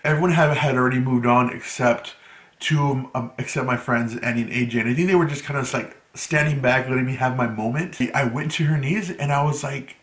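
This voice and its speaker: A man of Mexican heritage recounts something from his teenage years in a laid-back storytime vlog, rambling and saying "like" constantly. His voice sits at a medium pitch and moves briskly. The room echoes, with music playing in the background.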